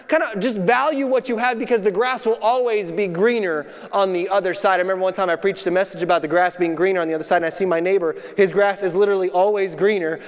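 A man's voice: high voice, long reverb tail. A man preaching a sermon to his congregation, telling a story and talking to them in a casual, conversational way. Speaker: pastor.

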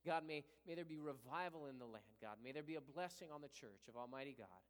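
A man's voice: medium pitch, lively intonation, fast talker. A man pastoring a church, leading a fervent prayer and preaching a sermon with repeated invocations. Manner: rising to impassioned preaching. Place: church sanctuary. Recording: long hall reverb.

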